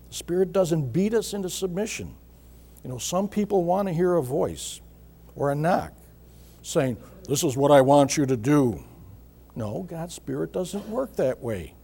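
A man preaching a sermon in an earnest way, repeating key words and often clearing his throat. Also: on the high side, mellow.

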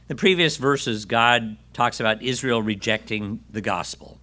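A man's voice: fairly low pitch, expressive, normal speed, hardly any pauses, bright, forceful tone. A man preaching a sermon who reads scripture aloud, acts out its voices and asks his listeners questions.

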